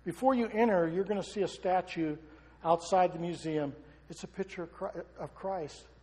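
A pastor with a high, mellow voice preaches a sermon at normal speed in a big hall with long reverb. He's impassioned, and he leans heavily on rhetorical questions.

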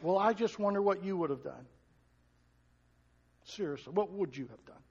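A male pastor delivers a conversational sermon and keeps asking the congregation questions. His voice sits high for a man and has a husky edge. Long reverb from a large hall hangs after each phrase. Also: lively intonation, normal speed, a little mellow, highs cut off. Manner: conversational preaching with rhetorical questions.

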